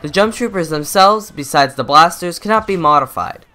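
A man's voice: a little high, animated, normal speed, bright, forceful tone. A young man reading a methodical, scripted gameplay tutorial voice-over into a close microphone. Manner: methodical, instructive. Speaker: gaming YouTuber.

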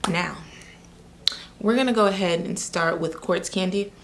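A woman's voice: fairly low pitch, unhurried. A young woman doing a casual, chatty makeup try-on review, with sassy asides. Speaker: beauty vlogger.

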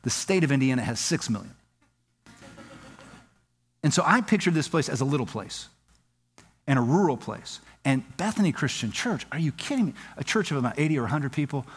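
A man's voice: fairly quick, long pauses, breathy edge. Guy pastor from socal preaching, acts out the quotes, voice climbs when he gets worked up, big church echo. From Southern California. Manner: animated storytelling, acts out quoted dialogue with rising pitch. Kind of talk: sermon. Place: church sanctuary.

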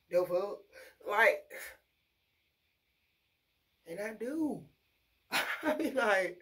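A woman, ranting casually and bluntly about her fast-food job, full of profanity. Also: mid-range voice, animated. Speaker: vlogger. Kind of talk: casual rant to camera.

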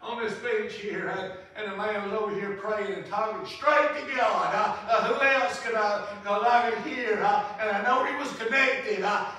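High, bright older preacher in an echoey hall. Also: male voice. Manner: halting, heavy on filler sounds, bursts into loud praise. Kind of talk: revival-style funeral sermon. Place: funeral home chapel. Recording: echoey room, distant mic.

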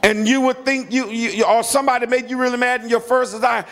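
A middle-aged man with a high voice preaches a sermon in a church, his words trailing off into a long hall reverb. He drives points home by repeating phrases and urging the congregation to answer back. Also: steady tone, quick pace, hardly any pauses. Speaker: pastor.

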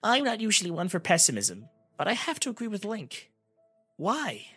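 Man voicing a tiny fairy girl, high pitched, worried, storybook audio. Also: wildly swooping pitch, a little fast, fairly bright tone, husky, soft background music, heavily acted. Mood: tense. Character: small worried female fairy companion.

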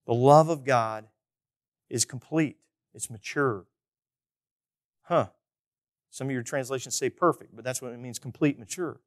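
A male pastor preaching a conversational sermon, often asking the congregation questions and swinging between loud emphasis and quiet asides. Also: mid-range voice, normal speed, long pauses.

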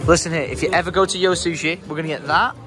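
A young man hosting his vlog, chatting excitedly and laughing often over a meal in a busy restaurant. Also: fairly high pitch, rapid-fire. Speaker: vlogger host. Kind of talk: casual chat. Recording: noisy restaurant with music and chatter.

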